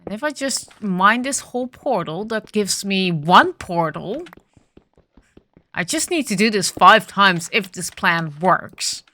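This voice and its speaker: Bright-voiced woman thinking aloud while playing. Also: mid-range voice, animated, slow pace. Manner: thinking aloud, frequent ums and restarts. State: morning voice. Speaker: gaming video host. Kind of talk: casual gameplay commentary.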